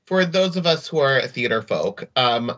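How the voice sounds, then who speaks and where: A man co-hosting a film podcast, chatting casually with quick asides and laughs. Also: medium pitch, very animated, fairly bright tone, dull audio. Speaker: podcast co-host. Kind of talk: casual chat. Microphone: podcast mic, also on video.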